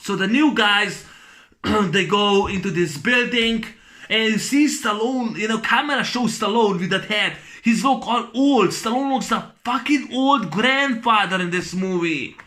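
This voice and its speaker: A man's voice: high-pitched, measured pace, pushed and bright. A man with giving a profane, rambling movie rant, full of fillers and restarts. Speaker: movie reviewer.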